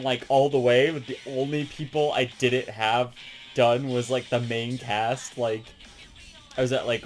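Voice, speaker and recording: Faint music plays as a gaming channel host rambles with excitement about a favorite game, swearing often and laughing a lot in a casual way. The voice is mid-range.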